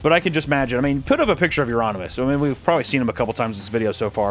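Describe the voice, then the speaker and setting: A man's voice: medium pitch, lively intonation, rapid-fire, few pauses, a bit bright, faint music behind. A man hosting, telling a story casually in a sarcastic, joking way and swearing freely. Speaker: host.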